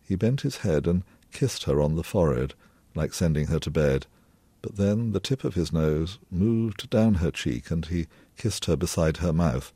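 A novelist reading a passage of his own fiction aloud in a measured, low-key way. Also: dark tone, husky, no room sound. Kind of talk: literary reading.

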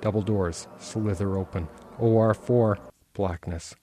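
A man, the author, reading aloud from his own novel in a measured, intense first-person narration. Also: on the low side, steady tone, mellow. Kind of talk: literary reading.

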